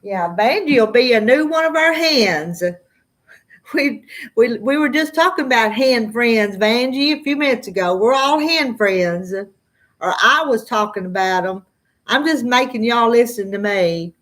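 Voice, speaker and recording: A middle-aged woman with a slow Southern drawl talks casually to her live-stream viewers, her voice sitting a little high for a woman. She chats, answers comments and laughs often. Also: lively intonation, a bit bright. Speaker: farm vlogger answering live chat.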